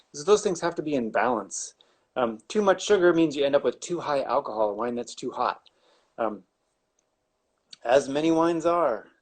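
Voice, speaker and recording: A man, a winemaker, explaining wine making in a casual, rambling way with wry asides and many restarts. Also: on the high side.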